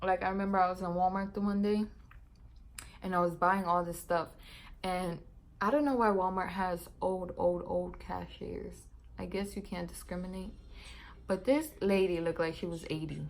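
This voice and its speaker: Chatty young mom, laughing and rambling. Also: female voice, lowish voice, steady tone, normal speed, low-quality recording. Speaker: mom vlogger. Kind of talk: casual chat to camera.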